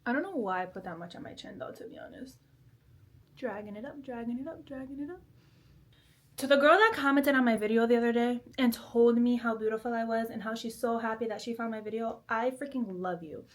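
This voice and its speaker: Young female vlogger, giggly and chatty, bright-voiced, casual bedroom talk. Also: on the high side, fast talker, hardly any pauses. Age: 20s. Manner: chatty, giggly, self-deprecating. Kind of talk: casual chat while doing makeup. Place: bedroom at home.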